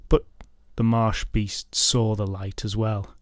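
A man narrating a folklore podcast story, mixing dramatic retelling with wry, deadpan comic asides. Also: fairly low pitch, takes it slowly, hardly any pauses, dry recording, clean studio sound.

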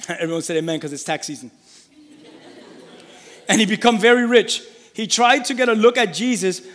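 Pastor, male, high voice, lively sermon delivery with call-and-response, church hall reverb. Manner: lively, calls for congregation responses, reads scripture aloud.

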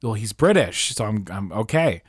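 Rambling, animated man telling a story. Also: lowish voice, moderate pace, slightly rough, no echo, clean studio sound. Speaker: podcast host. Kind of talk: casual chat.

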